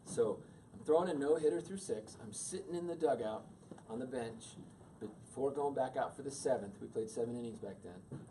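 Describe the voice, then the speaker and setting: A man in his fifties, a workshop speaker telling a personal story to an audience in a conversational, animated way. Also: mid-range voice, moderate pace, slight background noise. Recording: distant mic with faint room ambience.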